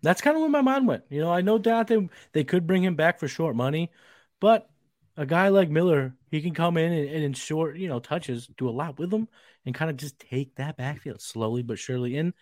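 A man's voice: fairly high pitch, animated, brisk, darkish tone, dry recording, clean studio sound. A man with a slight Boston accent co-hosting a fantasy football show, talking in a loose, bro-ish way and swearing for emphasis. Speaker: podcast co-host. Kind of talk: casual fantasy football draft talk. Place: outdoors, getting dark.

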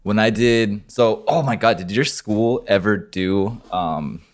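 Deep-voiced laid-back young man. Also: slow. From Oregon, US. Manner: laid-back, swears casually. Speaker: podcast co-host. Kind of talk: casual podcast chat.

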